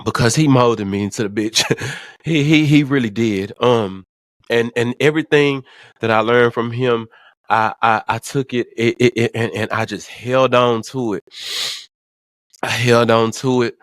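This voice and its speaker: A man vlogging, telling an emotional personal story in profane slang, stammering and swinging from hushed to excited. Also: mid-range voice, a little slow, no echo.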